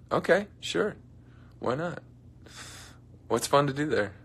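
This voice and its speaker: A young man's husky, medium-pitched voice swoops wildly as he hosts a casual livestream from his dressing room, speaking slowly and pausing often. He playfully jokes with viewers, reads their comments, and drifts into soft mumbles.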